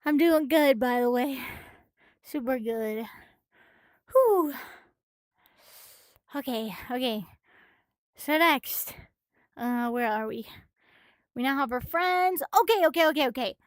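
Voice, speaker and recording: A woman streaming a casual manga recap, excitable and swearing freely, a little out of breath. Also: sits high, slow, pauses often, no echo.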